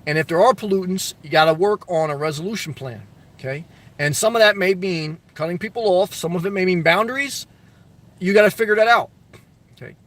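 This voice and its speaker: A man's voice: sits high, fairly quick, a bit bright. A middle-aged man hosting a live stream, reading viewer comments aloud and giving blunt, loose advice in casual chat full of fillers and restarts.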